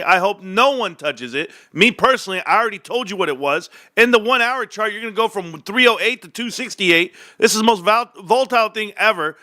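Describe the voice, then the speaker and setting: A combative man rants his way through market commentary with a profane edge. His voice sits high and sounds bright and forceful. The sound is close and dry, with no room around it. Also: dry recording. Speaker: stock market streamer.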